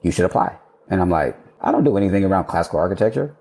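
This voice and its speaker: A man in his thirties, an architect guest telling stories in a casual interview, animated, laughing and swearing freely. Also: low voice, very fast, creaky.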